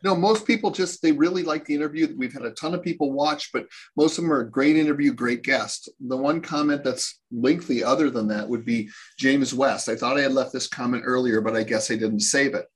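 Matter-of-fact man with a husky voice. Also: mid-range voice, a little fast, few pauses. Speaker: co-host reading comments. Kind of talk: casual podcast banter.

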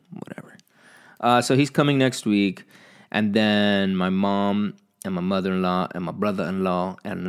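A man telling a casual, rambling story as a vlogger, swearing a lot and poking fun at himself. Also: low-pitched. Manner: rambling, heavy swearing, self-mocking.

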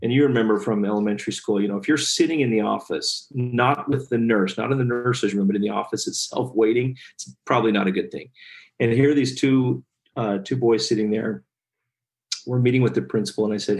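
A man's voice: fairly low pitch, a little fast. A middle-aged man, a guest speaker and author, telling stories in an earnest, heartfelt way during a podcast interview. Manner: earnest, animated storyteller, gets choked up.

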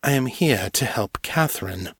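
A man's voice: mid-range voice, animated, normal speed, fairly bright tone, slightly rough, no echo, studio quality. A man voicing a menacing male skunk-morph mage who speaks in a cold, mocking way in an audiobook.

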